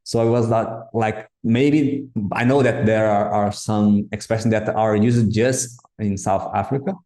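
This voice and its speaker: Low, mellow-voiced male podcast host. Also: steady tone. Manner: halting, repeats words while forming questions. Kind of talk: casual interview. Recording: echoey room.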